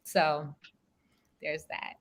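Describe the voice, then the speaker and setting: A woman's voice: deep voice, completely flat delivery, drawn-out words. A woman joining a live stream panel by video call, easygoing and chatty, laughing easily. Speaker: panel guest. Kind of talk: casual panel chat.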